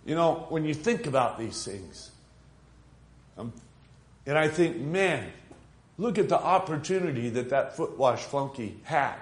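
A male preacher of ordinary pitch retells a Bible story to his congregation. He talks conversationally, with plenty of fillers and rhetorical asides. His voice rings with noticeable room echo. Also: animated, slow pace, long pauses. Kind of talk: sermon storytelling. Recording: echoey room.

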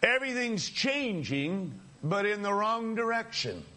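A man's voice: high-pitched, very animated, measured pace, bright, forceful tone. A man preaching a sermon, calling his listeners friends, repeating phrases for emphasis and chuckling between points.

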